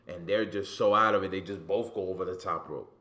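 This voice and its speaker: A man in casual, animated, profane chat about wrestling as a podcast co-host, often repeating words as he gets going. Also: low-pitched, brisk.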